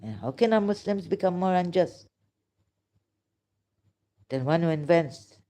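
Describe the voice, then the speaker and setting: A woman delivers an impassioned monologue in a low, mellow voice. She talks slowly and emotionally, often stopping to restart her sentences. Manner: emotional, halting, with many pauses and restarts. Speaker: religious critic vlogger.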